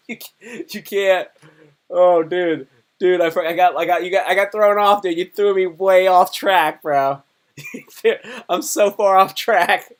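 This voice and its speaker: Guy live streaming, kinda high voice, rambly and jokey, keeps interrupting himself. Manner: rambling, self-interrupting, playful joking.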